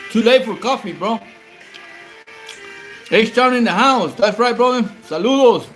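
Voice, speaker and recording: A man from Southern California, chatting casually and profanely with his livestream viewers while eating at home, calling them bro and homie. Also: extremely high pitch. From Whittier, Southern California. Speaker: livestream host. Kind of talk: late-night casual livestream chat.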